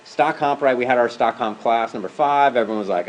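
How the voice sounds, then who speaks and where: A male adjunct professor lectures a university class in a classroom, at a mid-range pitch for a man. His delivery is loose and conversational, and he keeps checking in with the students. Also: fairly quick, a little hiss or hum, low-quality recording.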